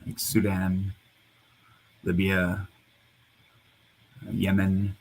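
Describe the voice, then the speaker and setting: A man's voice: deep voice, completely flat delivery, extremely slow, slightly rough, poor audio. A man talking in a casual online panel chat, rambling and hesitant, over a computer mic. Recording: hum of a loud computer fan.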